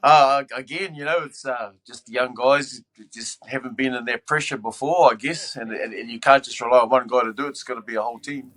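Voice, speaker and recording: Laid-back Kiwi man, bright tone. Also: mid-range voice, fairly even intonation, fairly quick, few pauses. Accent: New Zealand. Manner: laid-back, easygoing, laughs it off. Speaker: guest rugby analyst. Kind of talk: casual chat on a video call. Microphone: video call from a laptop.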